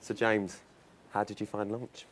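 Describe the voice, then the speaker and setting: A man's voice: fairly low pitch, little pitch movement, measured pace. A man hosting a panel show, teasing his guests with laughing banter. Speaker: host. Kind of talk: live panel show chat.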